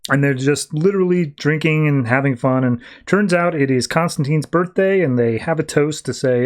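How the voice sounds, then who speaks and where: Chatty podcast man, fairly high voice. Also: a little slow. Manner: conversational, loose paraphrasing with fillers. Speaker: podcast host. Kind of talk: casual comic recap.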